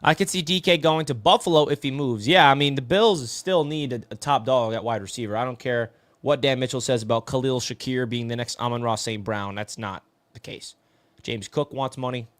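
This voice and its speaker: A man's voice: mid-range voice, a little fast, a bit bright, no echo. A man hosting a casual live sports talk stream, reading viewer comments and calling people "bro". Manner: chatty, answers viewer comments, says "bro" a lot.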